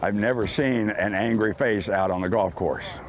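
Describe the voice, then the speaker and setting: A man's voice: lowish voice, normal speed, a crowd in the background. A man speaking earnestly and plainly about veterans in an outdoor interview on a golf course.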